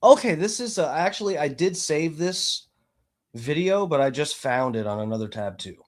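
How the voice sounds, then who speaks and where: High-voiced man ranting on a stream. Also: lively intonation, normal speed. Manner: profane, mocking, agitated. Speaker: streamer host. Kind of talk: live stream commentary.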